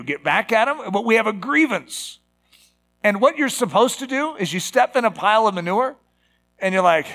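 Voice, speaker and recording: A middle-aged man preaching a sermon, animated and given to acting out voices with sudden loud outbursts. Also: high voice. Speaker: pastor.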